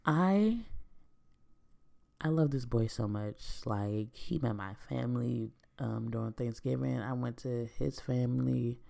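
Low, gravelly young woman rambling candidly. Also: a little slow, mellow. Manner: candid, slangy, swears freely. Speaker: vlogger. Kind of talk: casual rambling monologue.

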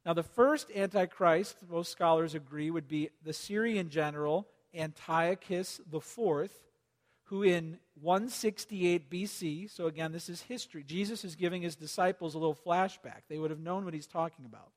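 A man preaching a sermon as pastor, animated and lively, asking the audience to take notes. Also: a little high, normal speed, big-room sound. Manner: animated, acts out quoted voices, asks the audience to take notes.

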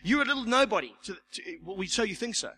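A man preaching a sermon as pastor, animated, stumbling over repeated words and acting out the voices he quotes. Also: sits high, fast, a little hiss or hum, low-quality recording. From South Africa.

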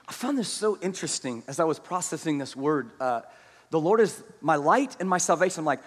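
High-voiced preacher in a reverberant hall. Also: male voice, lively intonation. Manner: swings between hushed, slow scripture reading and loud, rapid exhortation; calls on the congregation to repeat words. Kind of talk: sermon.

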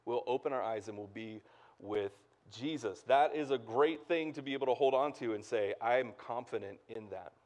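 A man preaching a sermon as pastor in a relaxed, conversational way, full of fillers and asides to the congregation. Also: mid-range voice. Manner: casual and chatty, lots of "like" and "right?".

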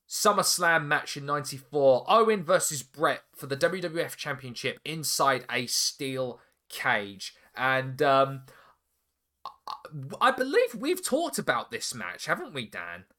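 A male podcast host talks through a story in a casual, animated recap. His voice is bright and forceful and pitched a bit high. He swears freely and breaks into quick laughs.

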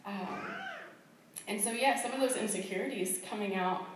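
A woman's voice: medium pitch, normal speed, background noise. A woman missionary telling her personal testimony in a chatty way, full of fillers and laughs, in a church hall. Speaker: missionary sharing her calling. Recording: very echoey room, far from the mic.

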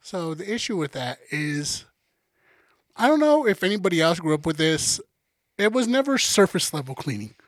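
A man's voice: on the high side, normal speed, no echo. A young man co-hosting a podcast, swearing and joking as he tells family stories. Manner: profane, joking, tells stories with animated quoted voices. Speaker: podcast co-host. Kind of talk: casual podcast banter.

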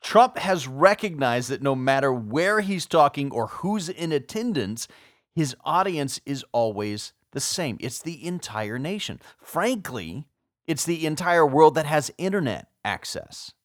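A man talks through his podcast commentary in a measured, explanatory way, posing rhetorical questions and answering them himself. His voice sits a little high for a man. The recording is close and dry, with no room sound. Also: big pitch swings, dry recording. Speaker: podcast host and PR consultant.

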